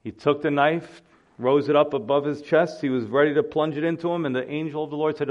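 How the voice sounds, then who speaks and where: A man preaching a sermon, telling Bible stories in a lively way and acting out the voices of the people in them. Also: a little high, brisk, dull audio. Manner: animated storytelling preacher, acts out voices. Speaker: pastor.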